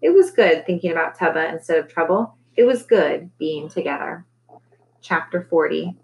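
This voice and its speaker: Woman reading a story aloud, lowish voice. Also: moderate pace, poor audio. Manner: steady storytelling, lifting pitch for characters' lines. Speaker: reader. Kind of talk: read-aloud narration.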